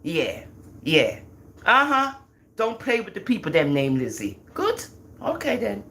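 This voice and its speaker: A woman's voice: sits low, normal speed, gravelly, slight background noise. A middle-aged woman with a Jamaican accent, chatting casually on a livestream in a teasing, boastful manner. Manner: animated, teasing, boastful about her children. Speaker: livestream host.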